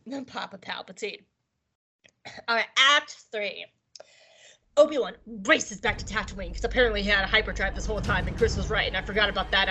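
A woman's voice: medium pitch, fairly quick, sharp tone, faint music behind, low-quality recording. A woman co-hosting a podcast, recapping an episode in a chatty, jokey way. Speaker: podcast co-host.

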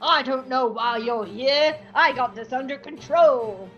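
Woman putting on a pompous officer, snooty, drawn-out, disdainful. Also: high voice, a bit bright, muffled recording. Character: pompous rude male imperial officer.

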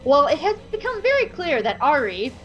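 A woman hosting a podcast, recapping an episode in an animated, jokey way. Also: sits high, moderate pace, dull audio, soft background music. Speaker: podcast host.

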